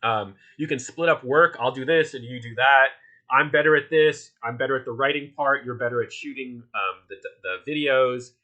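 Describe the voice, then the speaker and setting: Bright-voiced man with a Philly accent. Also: mid-range voice, normal speed, dull audio. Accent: Philadelphia. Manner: chatty, loose, many fillers and restarts. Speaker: workshop instructor. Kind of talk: casual online workshop talk.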